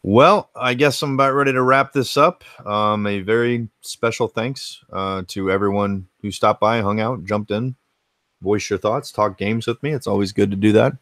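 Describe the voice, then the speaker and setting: A man's voice: fairly low pitch, normal speed, fairly bright tone, no room sound. An American man hosting a casual retro gaming livestream from his home game room, laid-back and rambling, swearing freely as he answers chat. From United States.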